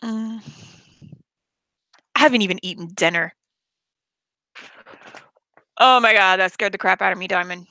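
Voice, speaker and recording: A woman's voice: mid-range voice, a little slow, long pauses, bright, forceful tone, no room sound. A woman streamer swearing heavily in a blunt, confrontational rant to her chat. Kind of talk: angry rant on a live stream.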